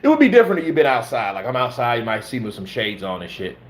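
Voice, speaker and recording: This man from the American South, a stunt performer, fires off profane, rambling stories in casual chat at a rapid clip. His mid-range voice takes huge pitch swings, and there's slight background noise.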